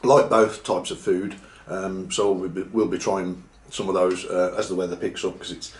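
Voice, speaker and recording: A man's voice: deep voice, level tone, moderate pace. A man chatting casually while eating, sometimes talking with his mouth full, for a mukbang video. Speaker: vlogger. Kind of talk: mukbang chat. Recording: echoey room.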